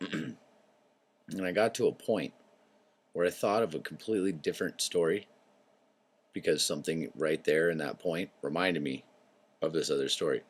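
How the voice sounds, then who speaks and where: A man hosting his own show, talking in a loose, rambling monologue that drifts into tangents, swearing freely and clearing his throat often. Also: low voice. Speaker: show host.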